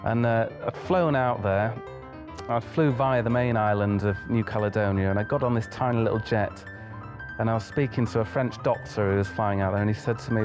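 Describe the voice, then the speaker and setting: A man's voice: on the low side, fairly even intonation, brisk, music in the background. A young man, a pianist being interviewed, chatting through a travel story and acting out the dialogue in it.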